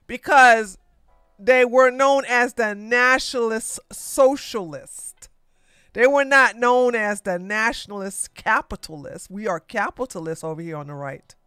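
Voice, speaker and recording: A woman hosting a live-streamed political podcast, talking in an excitable, theatrical way and laughing often. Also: fairly high pitch, slow, clear, resonant tone, dry recording, clean studio sound, soft background music. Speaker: podcast host.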